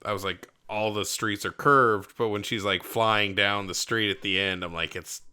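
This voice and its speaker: A man co-hosting a podcast in casual chat, profane and laughing, quoting his own thoughts in animated bursts. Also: lowish voice, moderate pace, smooth. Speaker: podcast co-host.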